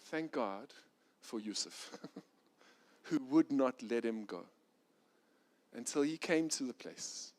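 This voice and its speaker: The speaker is a middle-aged male pastor whose sermon shifts back and forth from quiet, soft passages to loud, urgent ones. His animated style climbs loud and quick in the intense parts and drops low and soft elsewhere.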